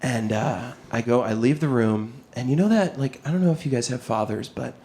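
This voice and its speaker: A young man doing stand-up, telling a story on stage, animated, jumping between quoted voices and laughing through his lines. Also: medium pitch, normal speed. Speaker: stand-up comedian. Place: comedy club stage with audience.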